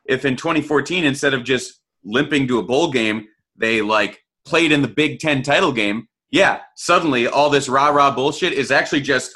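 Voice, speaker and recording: A man's voice: mid-range voice, moderate pace, bright, forceful tone. A male podcast co-host talking sports in a blunt, profane, ranting way. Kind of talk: casual sports podcast chat.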